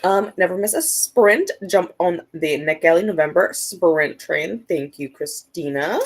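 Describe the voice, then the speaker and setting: A woman hosting a relaxed livestream from home, chatting loosely and reading out viewer comments as they come in. Her voice sits a little low for a woman, and her talk is full of "like" and "um.". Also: unhurried. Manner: chatty, reads viewer comments aloud, frequent "like" and "um" fillers. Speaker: livestream host. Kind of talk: casual livestream chat.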